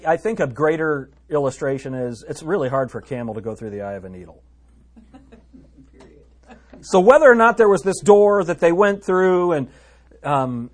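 A man teaching through a Bible passage in a relaxed, chatty way. He reads the verses aloud and breaks off for joking asides. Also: medium pitch. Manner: chatty and joking, laughing at his own asides and reading scripture aloud.

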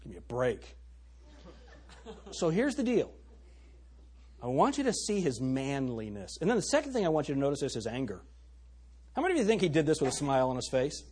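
A man's voice: medium pitch, wildly swooping pitch, a little fast, long pauses, a little mellow. A male pastor preaching a sermon, reading scripture aloud and pressing the congregation with emphatic rhetorical questions.

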